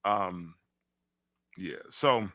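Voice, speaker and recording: Radio host guy from western new york, animated storyteller, dry close sound. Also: low-pitched, extremely slow, dry recording. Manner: animated storytelling, laughs often. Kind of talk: casual chat.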